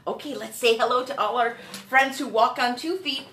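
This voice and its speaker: High-voiced woman hosting a kids' music show. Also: slight background noise. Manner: slow, sing-song talk aimed at small children. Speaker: children's music host. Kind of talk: live children's singalong show. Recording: echoey room with loud guitar.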